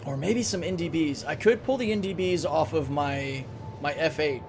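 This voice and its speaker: A man's voice: a little high, moderate pace, music in the background. A man live-streaming a game, chatting casually, thinking aloud and answering chat, with a recurring cough.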